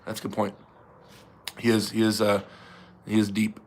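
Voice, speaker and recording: A man's voice: fairly low pitch, monotone, normal speed. A man hosting a casual livestream fundraiser, rambling and chatting with viewers and laughing often. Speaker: livestream host.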